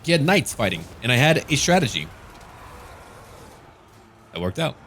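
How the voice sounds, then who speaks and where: A man's voice: mid-range voice, very animated, normal speed, fairly bright tone, a little hiss or hum. A man giving gameplay commentary as a gaming channel host, with dry, joking asides.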